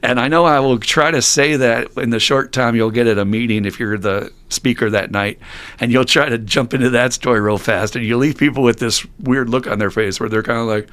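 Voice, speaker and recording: A middle-aged man talking casually on a recovery podcast, blunt, animated and laughing often as he swears freely. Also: mid-range voice, brisk. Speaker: podcast host.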